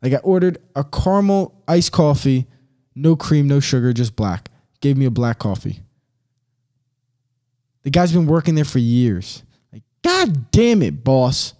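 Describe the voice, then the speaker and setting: A man's voice: mid-range voice, lively intonation, measured pace, pauses often, warm tone. A man hosting a podcast alone, giving a casual rant in a blunt, fired-up way, swearing and using slang. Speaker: podcast host.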